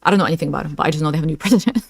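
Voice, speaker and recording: A woman's voice: sits low, racing, slightly rough, dry recording, clean studio sound. A woman hosting a reaction video, giving sarcastic commentary and laughing at her own remarks.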